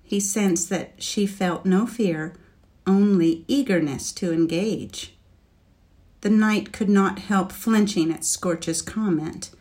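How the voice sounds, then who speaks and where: A woman narrating a fantasy storybook in a measured, even manner. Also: mid-range voice. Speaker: audiobook narrator.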